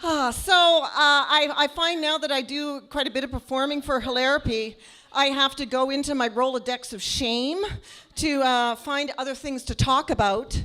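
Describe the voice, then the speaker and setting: Woman doing stand-up, high voice, loud and animated, handheld mic on stage. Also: moderate pace. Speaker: stand-up comedian. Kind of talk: stand-up comedy set. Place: stage at a live comedy show.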